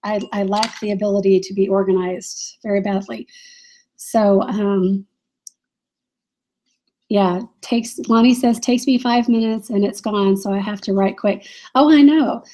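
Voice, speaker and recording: A woman's voice: medium pitch, steady tone, unhurried, warm tone. A woman hosting a casual live stream as a reseller, answering viewers' chat questions in a chatty, rambling way with frequent laughs and fillers.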